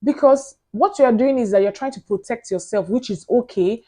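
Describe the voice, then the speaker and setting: Earnest, mellow-voiced motivational woman vlogger. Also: fairly high pitch, a little fast. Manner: earnest, animated, laughs between points, repeats words. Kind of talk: casual motivational talk to camera.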